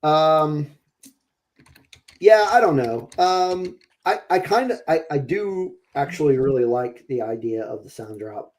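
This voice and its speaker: A man's voice: fairly high pitch, animated, measured pace, darkish tone. A man co-hosting a live-streamed podcast in casual chat, hesitant, with many ums and restarts. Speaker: podcast co-host.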